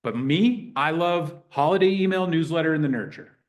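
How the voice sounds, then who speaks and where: A man teaching a real estate class in a lively, conversational way, acting out sample phone calls. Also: on the high side, normal speed, soft background music. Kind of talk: teaching a live workshop.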